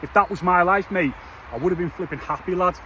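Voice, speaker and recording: A fired-up man with a high-pitched voice delivers a blunt, slangy motivational rant straight to camera. He keeps calling the listener lad and mate. Faint street noise hums behind him outdoors. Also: fast, pushed and bright, low-quality recording. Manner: passionate, blunt, slangy, peppers every line with "lad" and "mate". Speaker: vlogger.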